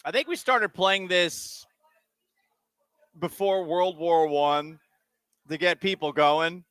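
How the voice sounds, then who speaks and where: A man's voice: sits high, slow, smooth, dry recording. Guy hosting sports radio, jokey and rambly, pretty dry close sound. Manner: animated, joking, rambling asides. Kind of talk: casual sports talk radio. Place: radio booth on location.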